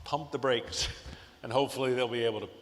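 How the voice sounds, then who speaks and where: A man in his fifties giving an animated storytelling speech as a luncheon guest speaker, heard over a PA in a large hotel banquet hall. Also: medium pitch, brisk. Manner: animated anecdotes with laughs. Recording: long hall reverb.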